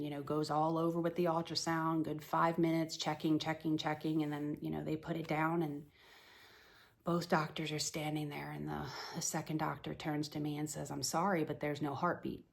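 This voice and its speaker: A woman's voice: deep voice, gravelly. A woman telling a personal story to the camera in a plain, conversational way, full of "you know"s. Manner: plain, matter-of-fact retelling. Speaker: mother telling of a pregnancy loss.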